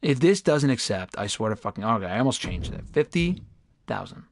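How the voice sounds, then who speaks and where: Animated, profane gaming streamer. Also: male voice, lowish voice, fast. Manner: chatty, profane, erupts into loud frustrated outbursts. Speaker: gaming livestream host. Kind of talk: casual livestream commentary while playing.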